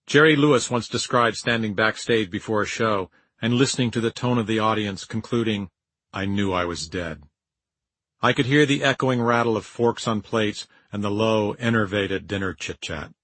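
Brief: older male memoir narrator, husky tone, wry and measured, close and dry sound. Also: mid-range voice, fairly bright tone, dry recording, rough recording.

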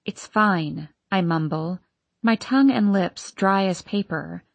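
A woman's voice: mid-range voice, animated, unhurried, vocal fry, no echo. A woman reading first-person audiobook narration in a wry, inward way.

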